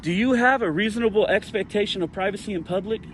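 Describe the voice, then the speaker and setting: Outdoors near a parking area, a man holds a handheld camera on the police and argues with them heatedly, repeating his demands again and again. His voice is high, a little bright, and fast, with slight background noise.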